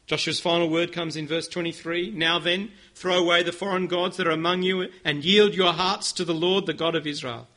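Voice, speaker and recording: Male pastor preaching, high bright voice, earnest and direct, gets the crowd to answer back. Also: steady tone, brisk, hardly any pauses. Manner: earnest, leading the congregation in call-and-response. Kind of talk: sermon.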